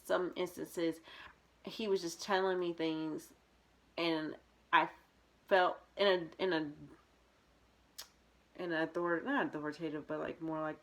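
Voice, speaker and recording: A woman's voice: sits low, a bit bright. A young woman vlogging, telling a personal story in a candid, rambling way with many fillers and restarts.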